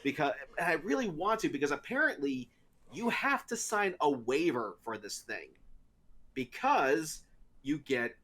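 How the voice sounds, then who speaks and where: A man's voice: fairly high pitch, measured pace. A man co-hosting a casual talk show, telling a story with frequent laughs. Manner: animated storyteller, laughs often. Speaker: podcast co-host. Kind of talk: casual chat.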